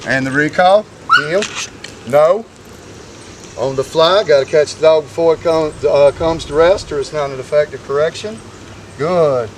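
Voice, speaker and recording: A man's voice: on the high side, normal speed. A man coaching a dog obedience session with upbeat, encouraging commands, recorded outdoors. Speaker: dog trainer. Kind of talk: coaching commentary during training. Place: outdoor training field. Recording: distant outdoor recording with faint noise.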